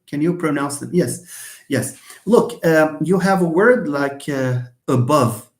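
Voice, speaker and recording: A man's voice: a little high, unhurried, reverberant. Moroccan man teaching English pronunciation. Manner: repeats words, models pronunciation aloud. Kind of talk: live online lesson with questions.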